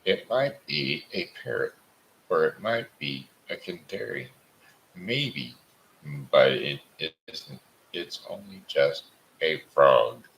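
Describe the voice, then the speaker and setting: A man reading aloud puts on an easygoing frontier gambler, a boastful, offhand fellow from an old tall tale. His drawl comes out very deep and unhurried, with a bright edge to it. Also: big pitch swings, creaky, a little hiss or hum, full character voice, poor audio.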